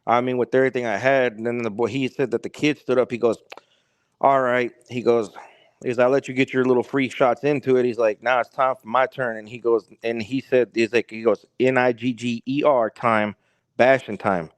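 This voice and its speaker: Male podcast guest, rambling storyteller, mid pitch, dry close sound. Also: flat delivery, brisk, no echo. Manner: rambling, repeats "he's like" and "he goes". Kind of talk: casual storytelling.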